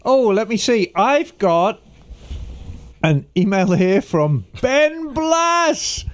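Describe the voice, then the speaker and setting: A man's voice: sits high, big pitch swings, very slow. A man co-hosting a motorcycle podcast, chatting casually and reading listener emails aloud with wry asides. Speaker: podcast co-host. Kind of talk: casual chat.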